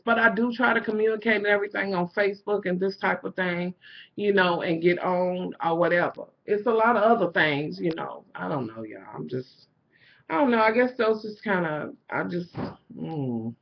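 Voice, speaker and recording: A woman's voice: fairly low pitch, creaky, highs cut off. A middle-aged woman vlogging, ranting candidly to her viewers, swearing freely and saying "you know" often. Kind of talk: casual rant to viewers.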